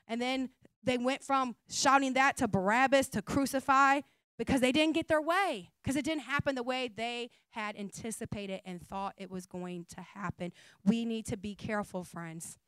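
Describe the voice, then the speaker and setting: A woman pastor preaching a sermon in a conversational style, rising to emphatic calls and then dropping to soft asides. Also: medium pitch, smooth, no echo. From United States.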